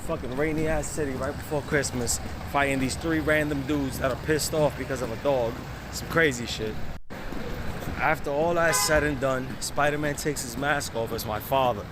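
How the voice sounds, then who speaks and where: A man telling a comedic, profane story to camera in a brash, deadpan way. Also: mid-range voice, moderate pace. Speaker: street storyteller. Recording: loud street noise behind.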